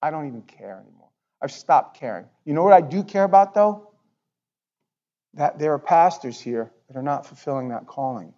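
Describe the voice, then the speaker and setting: A male pastor preaching a sermon in a church, talking in an animated, conversational way and often repeating words. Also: on the high side, normal speed, lo-fi sound. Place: church sanctuary.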